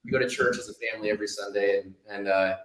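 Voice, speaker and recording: A man's voice: lowish voice, fairly even intonation, racing, fairly bright tone, reverberant, rough recording. A man in his thirties telling a personal story as an interview guest, rambling with many restarts and fillers.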